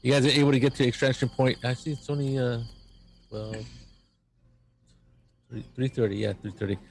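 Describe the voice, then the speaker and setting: A gravelly, mid-range male voice narrates a tabletop role-playing game as game master. His delivery is halting, with frequent fillers and restarts.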